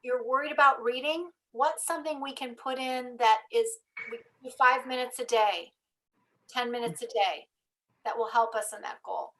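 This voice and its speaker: A woman's voice: a little high, moderate pace, pushed and bright, poor audio. A woman in an online talk explaining her reasoning in a thoughtful way. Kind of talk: webinar conversation.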